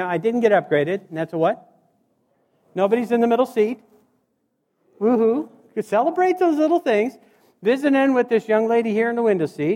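A man doing storytelling stand-up comedy, animated and acting out the people in his stories. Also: sits high. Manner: animated, acts out voices and scenes. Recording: reverberant hall.

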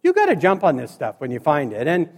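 Man, stand-up comic, high voice, animated storytelling, long hall reverb. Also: quick pace, breathy edge. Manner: animated, acts out voices and scenes. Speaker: stand-up comedian.

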